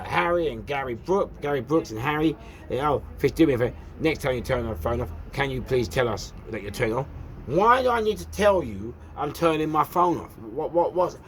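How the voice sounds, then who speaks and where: This English host speaks with a London accent, his fairly high voice creaky as he rants through a story on his own show. He repeats himself, fires off rhetorical questions and breaks into shouts, all in an animated, casual storytelling monologue.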